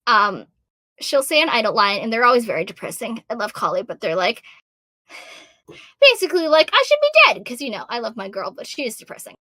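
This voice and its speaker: A woman in her thirties from Massachusetts, a voice actor answering fan questions in a bubbly, self-deprecating way, with a high-pitched voice that is going hoarse from so much talking. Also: animated, fast talker, pushed and bright, no echo. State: losing her voice. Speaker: voice actor guest. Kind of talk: casual Q&A answers.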